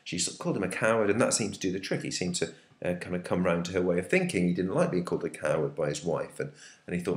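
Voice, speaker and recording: A male teacher talks through a play in a chatty way, full of ums and questions to the class. His voice is deep and low. The sound is roomy, with a noticeable echo. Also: big pitch swings, fairly quick. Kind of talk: literature lesson talkthrough. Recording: echoey room.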